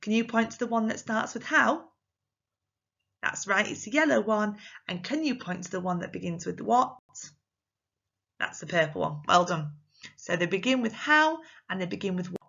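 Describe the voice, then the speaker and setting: A woman teaching young children in a recorded lesson, speaking slowly and clearly with an English accent and acting out her examples in an exaggerated, expressive voice. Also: medium pitch, highs cut off. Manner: slow, clear, encouraging talk to small children. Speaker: primary school teacher.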